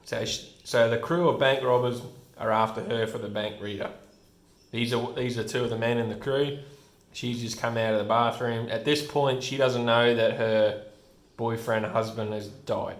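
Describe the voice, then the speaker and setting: A man's voice: mid-range voice, steady tone, moderate pace. A man casually reviewing a comic book, rambling with many restarts and frequent chuckles. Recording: roomy room echo.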